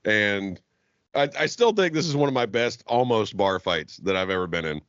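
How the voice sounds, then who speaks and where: A man's voice: fairly low pitch, expressive, normal speed, fairly bright tone, no room sound, muffled recording. Crude, laughing male podcast storyteller. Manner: crude, laughing, acts out voices in his stories. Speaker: podcast co-host. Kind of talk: profane casual storytelling.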